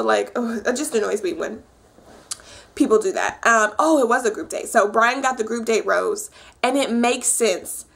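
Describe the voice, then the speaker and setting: A young woman casually recapping a reality dating show for her viewers, chatty and animated, with lots of fillers. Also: on the high side, vocal fry. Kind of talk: casual chat.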